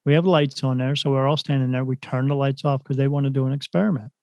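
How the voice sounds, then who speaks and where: A man's voice: mid-range voice, quick pace, dry recording. A man telling a story as a podcast guest, a spirit medium, retelling events animatedly and acting out other people's lines. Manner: animated retelling, acts out quoted voices. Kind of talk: casual storytelling.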